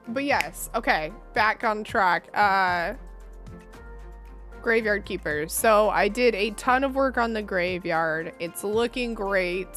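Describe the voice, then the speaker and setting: A woman's voice: on the high side, a bit bright. Giggly chatty woman streamer. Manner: chatty, giggly, self-deprecating. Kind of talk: casual livestream chat while gaming.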